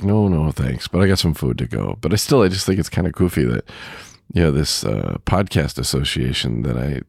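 A man's voice: extremely low pitch, gravelly, a little mellow, husky, dry recording, clean studio sound. A man hosting a podcast, telling a rambling story in a casual monologue, with many fillers and chuckles. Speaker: podcast host; truck driver.

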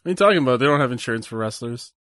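A man's voice: medium pitch, lively intonation, rapid-fire, a bit bright, dry recording. A man in a casual watch-along chat who laughs often and answers with dry, laid-back remarks. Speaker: co-host.

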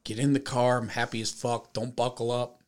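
A young man hosting a podcast, telling a story in casual chat with lots of swearing and loud acted-out quotes. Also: medium pitch, fairly quick. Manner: animated, profane storytelling with shouted quoted voices. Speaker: podcast host.

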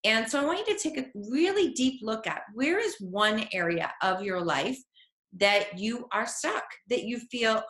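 A woman's voice: fairly high pitch, animated, a little slow, a bit bright. A woman giving an earnest, encouraging motivational talk as a life coach, sometimes voicing an inner voice. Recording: echoey room.

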